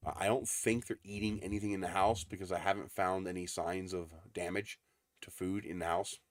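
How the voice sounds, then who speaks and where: A man's voice: low voice, steady tone, brisk, dry recording, studio quality. A man hosting a casual livestream from his desert home, chatting in a rambling way with frequent ums. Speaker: livestream host.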